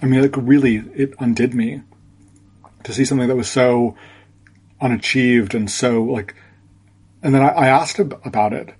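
A man guest on a podcast, telling a reflective story in a halting way, with many restarts. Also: mid-range voice, darkish tone, breathy edge.

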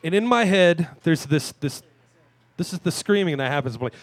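Crude self-mocking man on stage, lively pitch. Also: normal speed, no echo. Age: 30s. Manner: crude, self-mocking, bursts into shouted rants. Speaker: talk show host. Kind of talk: stand-up style monologue. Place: live venue stage.

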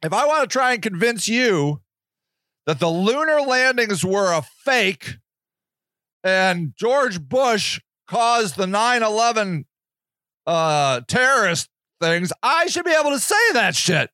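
High-voiced ranting man. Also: big pitch swings, takes it slowly, pushed and bright, dry recording, clean studio sound. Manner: profane, ranting, sarcastic. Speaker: podcast host. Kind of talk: casual monologue.

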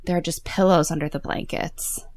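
A woman hosting a casual podcast chat, retelling a movie plot with lively storytelling. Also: lowish voice, moderate pace, dry recording. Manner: animated storytelling with mock quotes. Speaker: podcast host recapping a movie.

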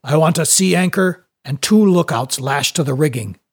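A man voicing a stern male steamship captain who gives curt orders in a raised, husky voice. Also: a little high, moderate pace. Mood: commanding.

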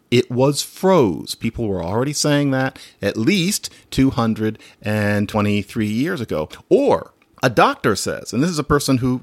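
A man's voice: mid-range voice, no room sound. A man hosting a solo podcast, talking in a chatty, digressive way and laughing now and then. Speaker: podcast host.

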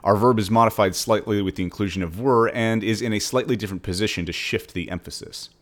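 Male author reading his writing lesson aloud, conversational and measured, a bit low in pitch.

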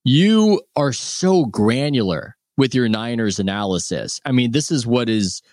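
A man's voice: medium pitch, animated, measured pace, darkish tone, no echo, studio quality. A male host asking long, effusive questions and praising his guest's work. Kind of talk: interview questions.

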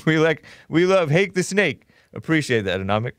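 A man hosting a talk show, reading out viewer chat messages in a sarcastic, animated way and laughing often. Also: a little high, moderate pace, no room sound, studio quality. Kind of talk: reading live chat and taking calls.

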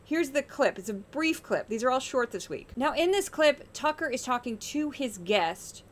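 A woman with a somewhat high voice hosts a media-commentary podcast. She talks with sarcastic exasperation and pointed emphasis. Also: big pitch swings, normal speed. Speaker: podcast host.

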